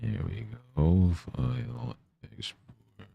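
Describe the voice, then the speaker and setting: A man's voice: deep voice, expressive, slow pace, vocal fry, no echo, phone-quality sound. A man streaming while he works, muttering to himself and playfully scolding his pet. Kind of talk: casual live-stream chatter.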